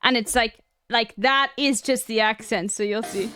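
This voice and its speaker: A young woman with a Cape Town South African accent talks casually to her stream, piling up "like" fillers as she explains. Her voice sits fairly high. The sound is close and dry. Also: moderate pace, pushed and bright, smooth, dry recording, soft background music. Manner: chatty, explaining with many "like" fillers. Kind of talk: casual chat with viewers.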